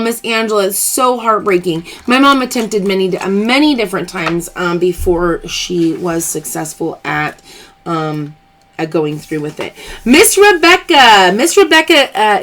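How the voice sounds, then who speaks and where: A female live-stream host speaks in a fairly high, pushed, bright voice, answering viewer comments directly. She's chatty and emphatic, openly sharing personal matters with her audience.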